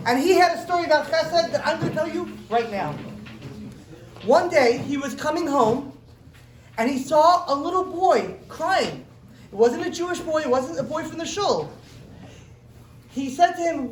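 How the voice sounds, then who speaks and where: A woman telling a story to children in a synagogue hall, animated and stopping to ask them questions. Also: sits high, moderate pace, pauses often, slight background noise. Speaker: storyteller at a children's learning program. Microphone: distant room mic. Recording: roomy hall from far off, faint ambience.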